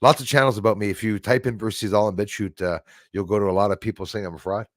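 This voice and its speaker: A man's voice: on the low side, fairly even intonation, fast talker, dry recording, clean studio sound. A man hosting a casual livestream, rambling and reading viewer comments aloud with jokey asides. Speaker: livestream host reading chat.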